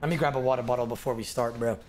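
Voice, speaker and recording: A man live-streaming a game, talking to himself and to his chat, with sudden bursts of loud yelling and laughter. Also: mid-range voice, steady tone, racing, a little hiss or hum.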